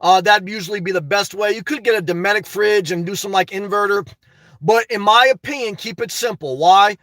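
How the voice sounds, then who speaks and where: A man's voice: high-pitched, a little fast, a bit bright, no echo, recorded from a distance. A man hosting a livestream, reading the live chat in a chatty way and often tagging on "okay". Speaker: livestream host. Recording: dry sound, voice away from mic.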